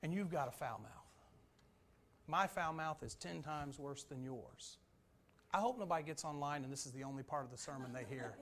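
A man preaching a sermon, swinging between loud, urgent emphasis and quiet, low asides. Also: normal speed.

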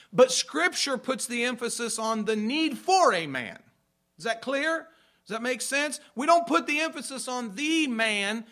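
A pastor preaches a sermon in a high, bright voice. He's emphatic, driving points home through repetition and pausing to ask whether the congregation is following.

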